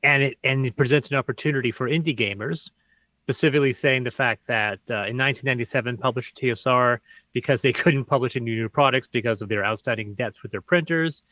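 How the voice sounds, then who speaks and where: A man's voice: medium pitch, fast talker, sharp tone, dry recording. A man co-hosting a gaming podcast who runs his own campaigns, speaking hesitantly with frequent restarts. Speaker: podcast co-host, game master. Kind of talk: casual podcast chat.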